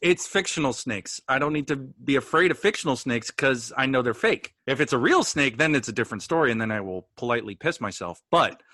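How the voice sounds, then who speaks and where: Brief: male co-host, bright edge, dry close sound, relaxed wry banter. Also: medium pitch, fairly quick, hardly any pauses, no room sound. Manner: easygoing, wry, dry humor. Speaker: podcast co-host. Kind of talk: casual podcast chat.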